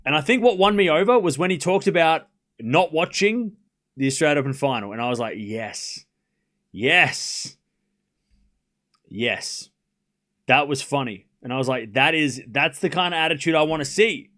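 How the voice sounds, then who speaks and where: A man's voice: fairly high pitch, expressive, brisk, a bit bright. A young man hosting a live stream, chatting casually and rambling, often repeating himself. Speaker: host.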